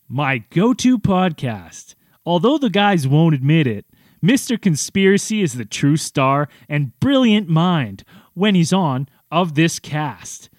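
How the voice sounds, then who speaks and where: Chill guy with a highish voice reading podcast reviews, dry close mic. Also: no echo. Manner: laid-back, amused, reads listener reviews aloud. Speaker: podcast co-host. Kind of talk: casual podcast chat.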